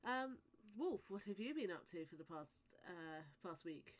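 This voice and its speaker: A woman's voice: fairly low pitch, expressive, a little slow. A woman running a tabletop game as game master, talking hesitantly with many fillers. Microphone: voice chat microphone.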